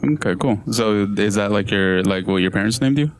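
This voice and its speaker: A man's voice: fairly low pitch, fairly quick. A young man co-hosting a podcast, chatting in an easygoing, rambling way. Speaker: podcast co-host. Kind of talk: casual podcast chat.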